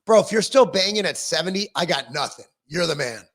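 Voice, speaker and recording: A man's voice: fairly high pitch, lively intonation, a little fast, fairly bright tone. A middle-aged man hosting a casual livestream, reading viewer comments aloud and answering them in a rambling, self-deprecating way with frequent ums and restarts.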